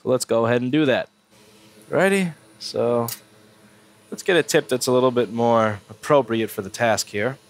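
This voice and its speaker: A man's voice: medium pitch, moderate pace. A man with a stuffy cold walking through a circuit board repair at his workbench, blunt and swearing when annoyed. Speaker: repair technician. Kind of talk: casual repair walkthrough.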